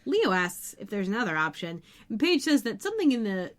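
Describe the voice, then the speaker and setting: A woman's voice: mid-range voice, very animated, fairly quick. Chatty woman recapping a show. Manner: chatty, rambling with fillers. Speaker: podcast co-host. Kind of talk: casual recap chat.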